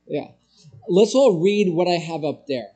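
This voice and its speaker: A man's voice: fairly high pitch, expressive, measured pace, mellow. A male pastor giving an explanatory lecture on music to a church class, with frequent restarts and spoken emphasis.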